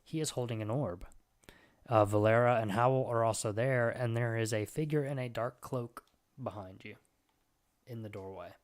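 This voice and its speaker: A man's voice: medium pitch, moderate pace. A man narrating as game master, describing scenes in a loose, rambling way. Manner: relaxed, rambling description with fillers.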